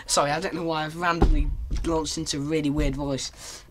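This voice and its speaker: Bright, rambling British gamer guy. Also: a little high, normal speed. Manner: rambling, hesitant, bursts into excited yelps. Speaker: gaming channel host. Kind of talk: let's play commentary.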